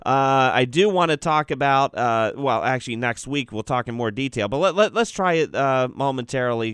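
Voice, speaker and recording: A man's voice: mid-range voice, fairly bright tone, clean tone, dry recording, studio quality. A man hosting a talk radio show, chatting conversationally with his guest and reading out the call-in number. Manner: conversational, reads out phone numbers, sets up segments. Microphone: studio mic.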